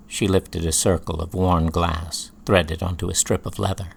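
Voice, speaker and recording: A man reading an audiobook in a slow, measured storytelling voice. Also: deep voice, flat delivery, creaky, slightly rough. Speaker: audiobook narrator. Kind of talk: scripted audiobook narration.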